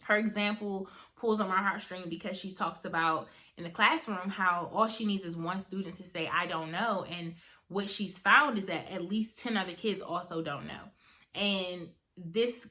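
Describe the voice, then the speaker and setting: A woman's voice: medium pitch, normal speed, sharp tone. A young woman vlogging at home on camera, talking in a chatty, earnest way and calling her viewers "y'all". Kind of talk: casual reflective vlog talk.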